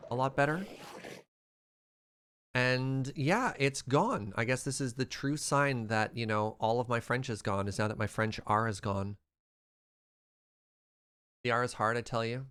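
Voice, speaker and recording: A young man from Western Canada chatting casually while streaming a game, quick to laugh and reading out chat. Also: mid-range voice, fairly bright tone, smooth. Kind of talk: casual gameplay livestream chat.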